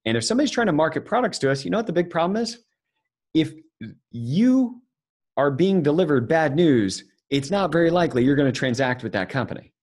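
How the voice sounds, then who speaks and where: A man presents a live financial seminar, speaking conversationally and joking with his audience. His fairly high voice has a darkish tone, big pitch swings, and a brisk pace.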